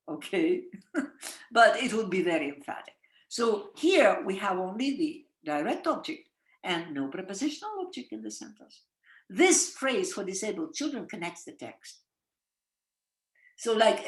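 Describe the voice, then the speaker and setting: Woman teaching online, unhurried and sing-song, quizzing students, roomy echo. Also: mid-range voice. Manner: animated, quizzing students with questions. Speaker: English writing teacher. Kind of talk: webinar lecture with students. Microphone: video call.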